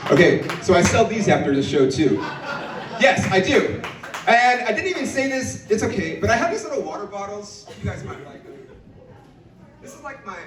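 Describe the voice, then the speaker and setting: A man's voice: sits high, distant mic. A young man doing a stand-up set, telling a brash, profane story and acting out the people in it. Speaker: stand-up comedian. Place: comedy club stage. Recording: roomy club sound, audience laughter. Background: audience laughing.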